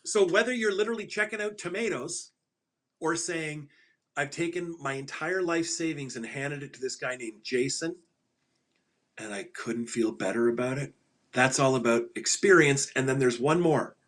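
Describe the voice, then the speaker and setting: A financial advisor in middle age guests on an interview show, his voice on the high side and fairly bright at a moderate pace. His storytelling is animated and emphatic, with punchlines delivered more than once and laughter at his own jokes.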